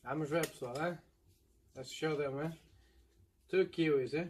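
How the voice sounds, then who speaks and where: High-voiced Portuguese man hosting a mukbang. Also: a little mellow. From Madeira, Portugal. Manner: switches between Portuguese and English, repeats "eh?" and "yeah?" to viewers; drawn-out "mm" sounds while eating. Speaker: mukbang host. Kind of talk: casual eating video chat.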